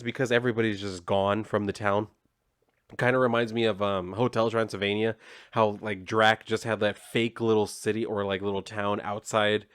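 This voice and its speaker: A man's voice: fairly low pitch, clear, resonant tone, no echo, clean studio sound. A man recapping a comic book in a casual, sarcastic and profane way, rambling as he goes.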